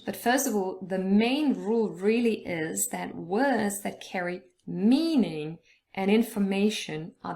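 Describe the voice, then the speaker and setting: A woman explaining word stress in a relaxed, chatty way, often checking in with "okay?". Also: medium pitch, gravelly. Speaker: English teacher.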